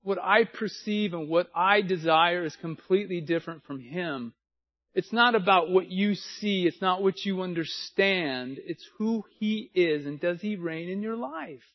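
A pastor in his sixties delivers a sermon in a high, light male voice, talking earnestly in plain, folksy phrases. The sound is dull and lo-fi, with the top end muffled. He speaks to his congregation directly. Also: unhurried. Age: 60s.

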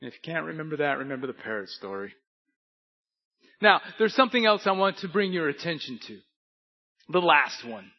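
A man's voice: fairly high pitch, very animated, a little fast, pauses often, highs cut off. A man preaching a sermon as pastor, telling stories with folksy asides to the congregation.

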